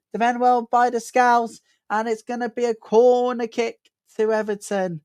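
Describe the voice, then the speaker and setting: A woman's voice: on the high side, moderate pace, clean tone, no echo. Woman commentating live football, dry close sound. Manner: chatty play-by-play, builds excitement on attacks. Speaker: host of a live football watchalong.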